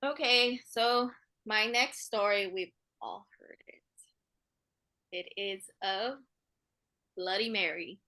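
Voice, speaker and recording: A woman podcast co-host reading a legend in a slow, measured way. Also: mid-range voice, sharp tone, poor audio. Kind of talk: casual chat and reading a legend.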